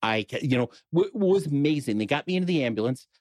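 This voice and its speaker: A man's voice: fairly high pitch, expressive, fast talker, darkish tone, dry recording, clean studio sound. A middle-aged man with a New York accent, a podcast guest telling a personal story in casual conversation, with wry humor and frequent restarts.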